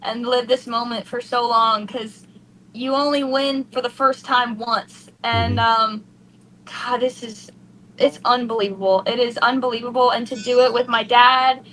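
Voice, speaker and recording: A woman's voice: a little high, slight background noise, rough recording. A young woman racing driver, gushing and tearful in an emotional post-race interview. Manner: excited, gushing, breathless with emotion.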